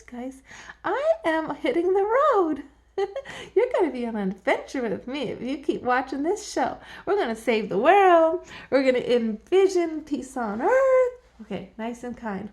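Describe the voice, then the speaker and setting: A middle-aged woman with a notably high voice hosts her own talk at home. She speaks casually and animatedly, breaking into laughter often and slipping into other people's voices when she quotes them. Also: a little mellow. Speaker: host. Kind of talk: casual direct-to-camera talk. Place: home, emptied out.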